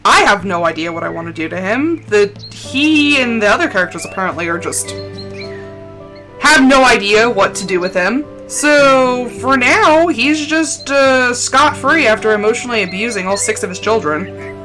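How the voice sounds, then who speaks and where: A woman streamer talks loosely over her gameplay and keeps wandering into tangents. Her voice sits a little high and swings widely in pitch, and it sounds bright and lively. Soft music plays underneath. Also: moderate pace. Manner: rambling, goes off on tangents; animated and expressive. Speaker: game streamer. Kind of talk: casual gameplay chat.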